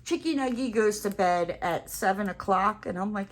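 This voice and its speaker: A woman craft vlogger telling a rambling, animated story while she crafts, with playful self-mocking exclamations. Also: mid-range voice, a little slow.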